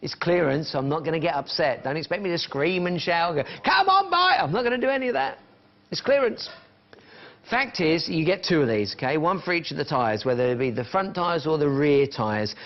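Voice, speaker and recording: A man's voice: a little high, expressive, a little fast, lo-fi sound. A man presenting live on a shopping channel, chatting and counting down falling prices. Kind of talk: live TV sales pitch. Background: music.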